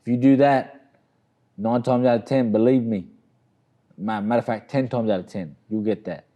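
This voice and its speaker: A man's voice: mid-range voice, steady tone, moderate pace, warm tone, muffled recording. A middle-aged Australian man telling a long story in a casual, rambling way, often saying "you know what I mean". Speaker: interview guest, boxer.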